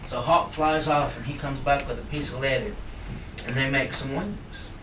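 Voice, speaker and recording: A man from the Cherokee Nation telling a traditional story to a live audience in a folksy, animated way with playful sound effects. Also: mid-range voice, normal speed. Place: live salon event. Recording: roomy hall from far off. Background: audience laughter and room noise.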